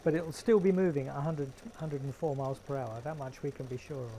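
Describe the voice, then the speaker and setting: A man's voice: mid-range voice, fairly even intonation, fast talker, mellow, a little hiss or hum, poor audio. A man with a London accent hosting a casual live stream from his garden shed, chatting with viewers in a wry, joking way. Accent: London English. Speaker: livestream host.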